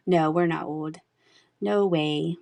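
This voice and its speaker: Her voice sits low, with vocal fry and a darkish tone, captured in a dry recording. She's a live auction seller in her thirties who laughs frequently and chats easily with viewers while selling on a stream.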